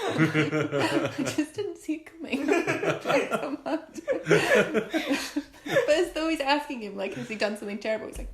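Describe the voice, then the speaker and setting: Giggly woman with a creaky voice. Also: a little high, very animated, takes it slowly, pauses often, echoey room, a crowd in the background. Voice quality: chatty, giggly, trails off mid-sentence. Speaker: podcast co-host. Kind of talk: casual chat about a film.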